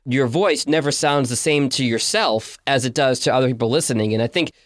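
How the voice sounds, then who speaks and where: A man's voice: medium pitch, a little fast, dry recording, clean studio sound. Chatty man hosting a podcast. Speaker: podcast host and producer. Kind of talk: podcast interview.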